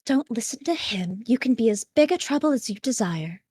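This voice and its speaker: A woman's voice: on the high side, animated, brisk, a little mellow, slightly rough, no echo, voice pushed up. Woman playing a small, haughty female viceroy in a tabletop game; formal, mock-imperious, dry close sound. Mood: fond.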